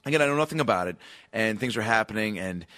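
Animated storytelling man, dry close mic. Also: on the low side, fast talker, no echo. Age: 30s. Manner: animated, acts out dialogue, swears freely. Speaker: podcast co-host. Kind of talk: casual comedic storytelling.

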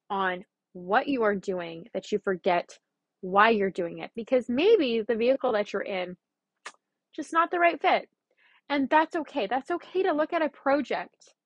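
A young adult woman hosting her own podcast, talking in a chatty, blunt and animated way, with the odd swear word. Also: a little high, dry recording. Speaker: podcast host. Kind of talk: casual solo podcast monologue.

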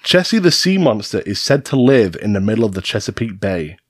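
A man's voice: on the low side, sing-song, a little fast, husky, no room sound, studio quality. A man hosting a podcast, reading urban legends from a script in a teasing, storytelling manner. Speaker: podcast host. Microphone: studio mic.

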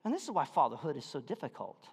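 Man, pastor, sermon, high voice, storytelling, reverberant hall. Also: quick pace, vocal fry, husky. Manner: storytelling, swings from hushed to loud and excited.

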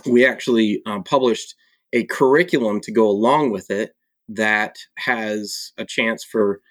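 A man's voice: lowish voice, dry recording. Self-deprecating man, dry close voice. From Michigan. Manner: laughing, self-deprecating, halting with fillers. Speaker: guest, author and publisher. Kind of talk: casual conversation.

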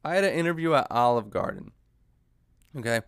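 A man's voice: medium pitch, animated, fairly quick, gravelly, clear, resonant tone, dry recording, studio quality. A young man hosting a podcast, ranting in a comedic monologue, profane and sarcastic with an exasperated edge. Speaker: podcast host.

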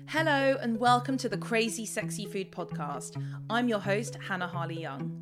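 A woman's voice: medium pitch, moderate pace, loud music behind the voice. A woman from Iran hosting a food podcast, chatting effusively with a guest. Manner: bubbly, effusive. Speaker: podcast host. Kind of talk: casual chat and read ad.

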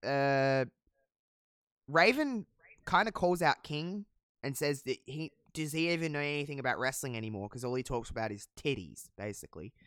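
A man's voice: medium pitch, animated, moderate pace, a bit bright, clear, resonant tone, no room sound, clean studio sound. A man casually recapping a wrestling show as a podcast co-host, chatty and profane, with lots of fillers. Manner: chatty, profane, many fillers, laughs at own jokes. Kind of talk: casual chat.

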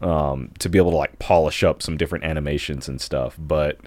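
A man's voice: very deep voice, fairly even intonation, brisk, a little mellow, dry recording, studio quality. A man co-hosting a podcast in casual chat, rambling along with lots of fillers like "like" and "you know". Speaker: podcast co-host and voice actor.

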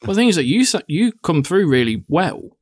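A man's voice: a little high, very animated, a little fast, husky, no echo, studio quality. A young man, co-hosting a casual podcast chat, talkative and swearing freely. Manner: chatty, swears casually, acts out quotes. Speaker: podcast co-host.

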